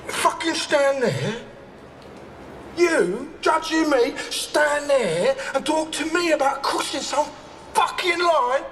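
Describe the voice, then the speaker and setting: Alfie, a ranting foul-mouthed gangster. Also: male voice, very high-pitched, expressive, slow, heavily acted. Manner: swearing, rambling, rising to sudden shouts. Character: volatile middle-aged male gangster, foul-mouthed and rambling. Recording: echoey film scene with ambient noise.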